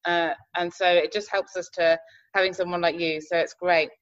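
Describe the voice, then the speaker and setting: Lower-voiced woman host, halting. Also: flat delivery, lo-fi sound. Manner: hesitant, many fillers and restarts, encouraging. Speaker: host, relationship coach. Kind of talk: interview chat.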